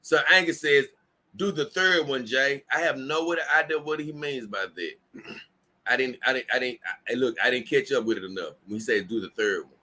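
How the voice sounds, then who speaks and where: A tired man hosts a casual livestream, reading viewer comments aloud in a mid-range voice that sounds pushed and bright, at a moderate pace. He rambles, repeats himself and restarts often.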